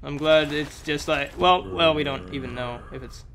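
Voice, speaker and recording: A young man doing let's play commentary, excitable and exclamatory, a little sick with a sore throat. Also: a little high, normal speed. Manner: excitable, exclamatory, talks to the game. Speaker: gameplay commentator.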